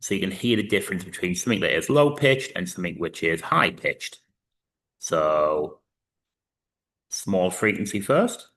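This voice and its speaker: A man's voice: deep voice, sing-song, moderate pace, a bit bright. A man in his thirties teaching a recorded physics lesson, explaining step by step with frequent fillers. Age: 30s.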